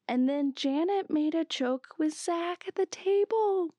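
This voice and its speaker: A young woman with a Southern California Valley accent hosts a solo podcast recap, chatty and animated, swearing freely and hopping between asides. Her voice is very high-pitched and her pace measured, with hardly any pauses and no room sound.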